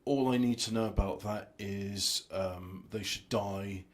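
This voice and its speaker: Slow-talking exasperated man. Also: on the low side, steady tone. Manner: blunt, exasperated, over-the-top remarks. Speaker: streamer reacting to a video. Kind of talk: casual reaction commentary.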